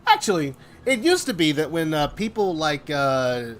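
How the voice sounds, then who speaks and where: A man's voice: fairly high pitch, very animated, moderate pace, a bit bright. A man co-hosting a live stream, chatting casually in a loose, rambling way and laughing often. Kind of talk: casual group chat.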